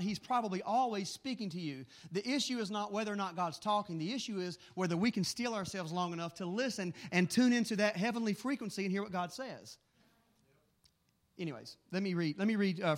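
A middle-aged man preaching a sermon, telling animated stories in a quick, excitable way. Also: sits high. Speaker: pastor.

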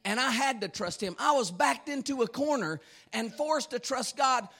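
A man preaching a fervent sermon, repeating phrases and breaking into shouts. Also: very high voice, expressive, normal speed, slightly rough.

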